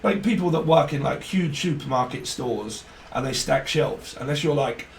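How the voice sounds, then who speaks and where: A man's voice: mid-range voice, moderate pace, distant mic. A man giving a casual tarot reading, rambling and free-associating with jokes. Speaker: tarot reader. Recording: echoey room, off-mic, faint hiss.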